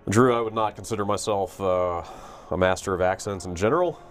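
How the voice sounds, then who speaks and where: A man's voice: sits low, fairly quick. A man hosting a video game stream, chatting casually, rambling and correcting himself with dry humor. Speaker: video game show host. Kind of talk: casual chat while playing a game. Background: faint game music.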